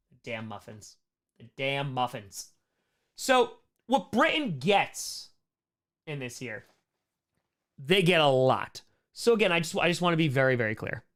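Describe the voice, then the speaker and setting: Young guy teaching history on a stream, kinda high voice, jokey and sarcastic, acts out little bits of dialogue. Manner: animated and jokey, with sarcastic asides and quick mock dialogue. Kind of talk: live-streamed history lesson with chat Q&A.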